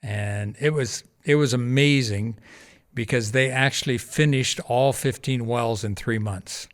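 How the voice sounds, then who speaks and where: A man with an ordinary, middle-pitched voice tells a story in a relaxed interview. He talks in a lively way, acting out each person's lines and breaking into laughter as he goes. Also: a little slow. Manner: animated anecdote-telling, acting out quoted voices, laughs often. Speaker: podcast guest, charity founder.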